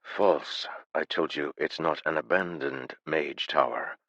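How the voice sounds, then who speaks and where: A man voicing a calm unflappable leader. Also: extremely low pitch, moderate pace, no room sound, highs cut off, full character voice. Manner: calm, flat, matter-of-fact.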